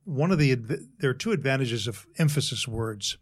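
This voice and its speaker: Man explaining speechwriting in a measured way. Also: mid-range voice, expressive, husky. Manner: measured, explanatory, uses worked examples. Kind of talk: conversational interview.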